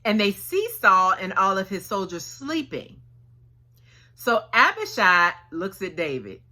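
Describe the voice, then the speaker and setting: A woman preacher tells a story in her sermon, acting out the dialogue in casual slang. Her bright voice rises and falls in a lively way. She speaks slowly and unhurriedly. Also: mid-range voice.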